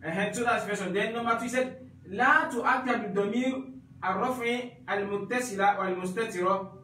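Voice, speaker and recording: A man's voice: sits high, moderate pace, sharp tone, very echoey, distant mic, poor audio. A man teaching an Arabic grammar class, repeating each point and checking that students follow.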